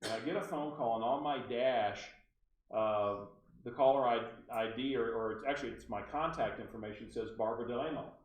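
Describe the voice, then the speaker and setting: A man speaks at a mid-range pitch, telling stories to a room of agents. He is animated and keeps turning to the room with asides. He sounds distant from the mic in a roomy, echoing space. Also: a little fast. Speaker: real estate trainer. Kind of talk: storytelling training talk to agents. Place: meeting room at a real estate office.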